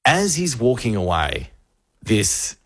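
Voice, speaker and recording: A man's voice: on the low side, huge pitch swings, slow pace, fairly bright tone, no room sound. A man hosting a radio show, telling a story with animation and acting out the voices of the people in it. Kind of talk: lively radio banter and storytelling.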